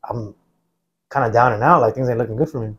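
A man's voice: medium pitch, fast. A man in his forties from the United States, a military veteran guest telling his story casually, with many "like" fillers. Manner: relaxed and rambling, many "like" fillers, acts out others' quotes.

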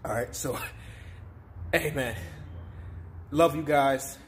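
Young male vlogger, in pain, sniffling, casual pleading tone, mid-pitched. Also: drawn-out words, a little hiss or hum. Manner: distressed, repetitive pleading. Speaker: YouTuber doing a spicy chip challenge. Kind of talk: casual vlog to camera.

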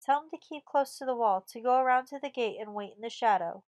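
A woman's voice: mid-range voice, fairly even intonation, brisk, darkish tone, close to an everyday voice. A woman reading an audiobook voices an elderly male soldier guarding a fort, who speaks in a formal, respectful way. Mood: urgent.

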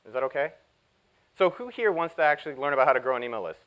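A man giving a live conference talk, energetic and jokey as he hypes up the audience. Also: mid-range voice, very fast, rough recording. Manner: energetic, jokey, hyping up the crowd. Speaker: keynote speaker.

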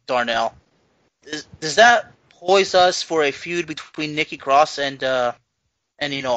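Bright-voiced man chatting on a podcast. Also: on the high side, no echo, low-quality recording. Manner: chatty, thinks aloud with restarts. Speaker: podcast co-host. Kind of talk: casual podcast chat.

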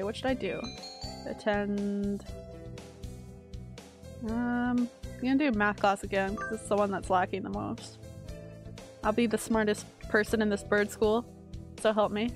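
A woman streamer reading a visual novel aloud and reacting with sudden excited exclamations. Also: mid-range voice, moderate pace, pauses often, music in the background. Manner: reads game text aloud, breaks into excited exclamations.

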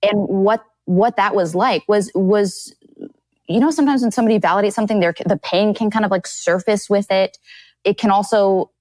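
A woman's voice: medium pitch, moderate pace, darkish tone, no room sound. A woman hosting a podcast interview, affirming her guest and asking reflective questions. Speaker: podcast host.

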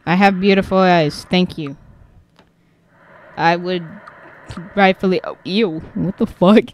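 A woman hosting a gaming video, giving loud, jumpy commentary as she plays, swearing and laughing at the scares. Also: lowish voice, steady tone, takes it slowly, long pauses, slight background noise. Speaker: gaming channel host. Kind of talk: reactive let's-play commentary.

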